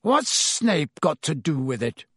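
A bitter, scornful man, as a male reader puts him on in an audiobook. He speaks harshly with a sneer. The voice sits a little high and the recording is dry. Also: very animated, slow, a bit bright, husky, dry recording, heavily acted. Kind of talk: audiobook character reading.

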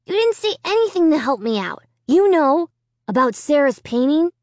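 A woman's voice: sits high, sing-song, moderate pace, darkish tone, no echo, voice pushed up. Storybook casting: a woman doing a grumbling young prankster boy, resentful, slightly raised, dry close sound. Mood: sulky. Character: boy, older brother, sulky prankster.

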